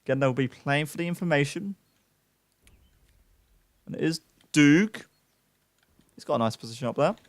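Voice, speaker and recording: A young man calls an esports match live, his voice sitting a little higher than most. He talks fast and excitable through the action, breaking off for self-mocking asides to his chat. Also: no room sound. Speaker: esports caster. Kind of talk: live play-by-play commentary.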